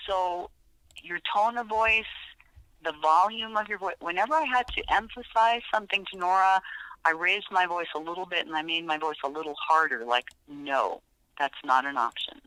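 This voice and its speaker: A woman's voice: on the low side, normal speed, sharp tone, clear, resonant tone, no room sound, low-quality recording. A woman animal behaviorist chatting as a podcast guest, telling stories with frequent fillers and restarts. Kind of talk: podcast interview.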